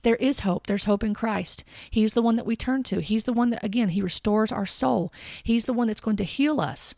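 A woman sharing a personal faith testimony in an earnest, halting way, often restarting and repeating words. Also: fairly high pitch, creaky, a little mellow, dry recording, studio quality. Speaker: Christian speaker sharing testimony.

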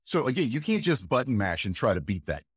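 A man, a voice actor, telling stories in an animated, emphatic way during an interview. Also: medium pitch, fast, husky, no room sound, clean studio sound. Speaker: voice actor guest. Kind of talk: enthusiastic interview chat.

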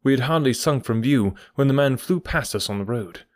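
A man reading an audiobook in measured storytelling narration. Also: mid-range voice, expressive, no room sound, studio quality. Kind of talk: scripted narration.

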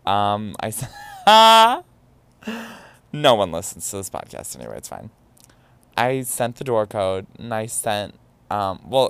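A man's voice: fairly low pitch, vocal fry, smooth, no room sound. A young man hosting a podcast, telling a personal story in a candid, profane way with dramatic exclamations. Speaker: podcast host. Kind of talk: casual storytelling monologue.

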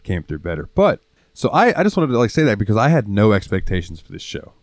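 A man's voice: lowish voice, very animated, quick pace, no room sound, studio quality. A young man co-hosting a casual podcast, telling stories with plenty of swearing and laughter. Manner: storytelling, swears freely, laughs often. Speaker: podcast co-host. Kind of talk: casual chat.

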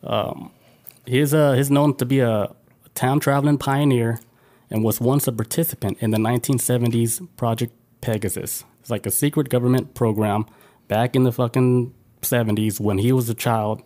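Casting note: male podcast co-host, warm dark tone, casual, profane, filler-heavy delivery. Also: mid-range voice, fairly even intonation, moderate pace. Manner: loose and profane, lots of "like" fillers. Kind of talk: casual chat.

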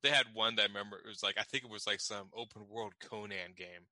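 Bright-voiced man chatting casually. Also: on the low side, quick pace, no echo. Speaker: podcast co-host. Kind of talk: casual chat.

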